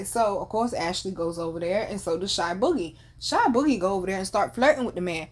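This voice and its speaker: Animated laughing woman telling stories. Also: medium pitch, a little fast, hardly any pauses, husky. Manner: animated, laughs often, profane slang. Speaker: podcast host. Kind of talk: casual storytelling.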